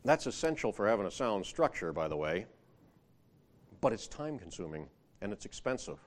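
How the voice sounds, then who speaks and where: A man's voice: lowish voice, big pitch swings, normal speed. A man preaching a sermon in a conversational way, often asking the listeners rhetorical questions and rising in emphasis when he quotes scripture.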